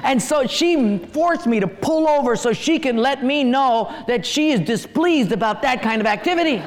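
High-voiced preacher in a ringing hall. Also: male voice, moderate pace. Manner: humorous storytelling, lively asides. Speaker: pastor. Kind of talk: sermon.

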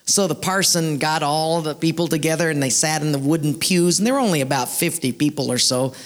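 A man in his thirties preaching a sermon, telling stories in an animated way. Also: a little high, a little fast. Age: 30s. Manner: animated storyteller, acts out voices. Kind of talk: storytelling sermon.

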